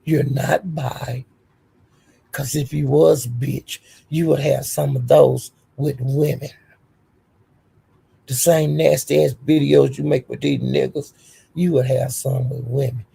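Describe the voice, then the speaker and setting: A woman hosting a livestream and telling a story as a heated rant, profane and scolding, with animated storytelling. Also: very deep voice, takes it slowly, creaky, husky. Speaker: livestream host.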